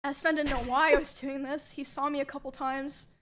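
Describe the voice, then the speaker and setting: A young woman quietly recounting a painful past experience, hesitant, with many pauses. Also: high-pitched, flat delivery, slight background noise. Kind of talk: personal account of a painful past.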